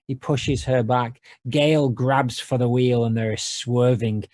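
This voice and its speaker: A man co-hosting a podcast, wry and playful, reading out scene descriptions in a deadpan way. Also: mid-range voice, slow pace, no room sound. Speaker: podcast co-host.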